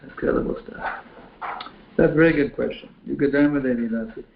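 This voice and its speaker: A man's voice: medium pitch, fairly quick, gravelly, background noise. A man, a spiritual teacher, answering questions from a chat window in a folksy, repetitive way that often restarts phrases. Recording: tinny phone-like line in an echoey room.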